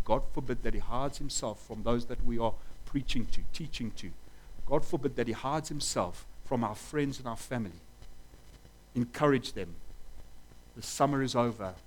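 A man's voice: mid-range voice, a little hiss or hum, rough recording. A man preaching a sermon fervently, asking rhetorical questions and stressing his points.

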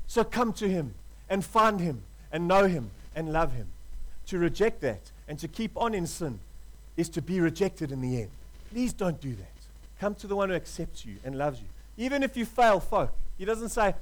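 A man preaching a sermon with passion, dropping to a hush and rising to loud appeals, calling his listeners "folk". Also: high-pitched, expressive, normal speed, rough recording. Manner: passionate, swings from hushed to loud.

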